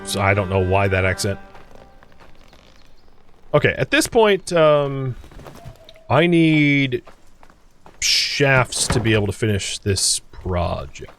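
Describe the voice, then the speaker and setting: A man's voice: fairly low pitch, big pitch swings, slow pace, pauses often, fairly bright tone, faint music behind. A man hosting a let's play, giving casual gameplay commentary, thinking aloud and talking straight to his viewers. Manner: chatty, thinks aloud, chuckles often; addresses viewers directly.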